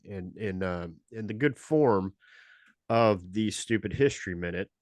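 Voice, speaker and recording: A man, a comedian guest on a podcast, telling a rambling, animated story with comic timing in a casual chat. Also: fairly low pitch, measured pace, dry recording, clean studio sound.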